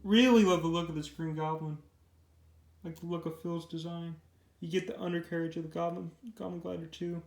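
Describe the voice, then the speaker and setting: Casting note: young male comic reviewer, chatty and rambling, high-pitched, roomy echo. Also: steady tone, a little fast, vocal fry. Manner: rambling, filler-heavy, repeats words. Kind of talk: casual video review. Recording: echoey room.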